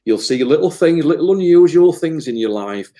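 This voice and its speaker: A man's voice: on the high side, lively intonation, moderate pace, mellow. A man, a medium giving an earnest, emotional interview, often repeating words as he rambles. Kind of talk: casual spiritual interview talk.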